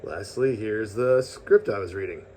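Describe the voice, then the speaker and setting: A middle-aged man talking casually about podcasting, rambling with fillers and restarts, laughing often and letting out a breathy sigh after long phrases. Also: lowish voice, a little slow, darkish tone, a little hiss or hum. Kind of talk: casual vlog talk.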